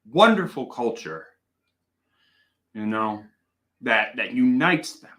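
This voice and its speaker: A man's voice: medium pitch, a bit bright. A man hosting a casual live stream, playful and rambling, telling stories in a mock-serious way. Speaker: host.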